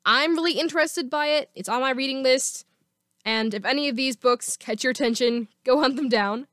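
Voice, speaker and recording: Woman podcast host, upbeat fan chatter, bright-pitched, close dry mic. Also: normal speed, no echo. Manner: chatty and enthusiastic. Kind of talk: casual solo podcast talk.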